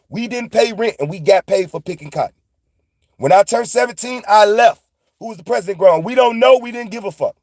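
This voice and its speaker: A man's voice: high-pitched, warm tone, dry recording, clean studio sound. A man, telling a loose, profane story in a casual monologue and retelling dialogue in quotes. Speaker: podcast host.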